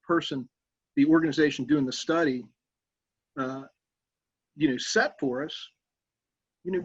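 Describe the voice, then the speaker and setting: Middle-aged man, husky, a bit higher-pitched, pleading his case earnestly at a town meeting. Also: no echo, highs cut off. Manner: earnest, persuasive, conversational with fillers. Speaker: public speaker at town council meeting. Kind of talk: public comment speech. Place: council meeting room.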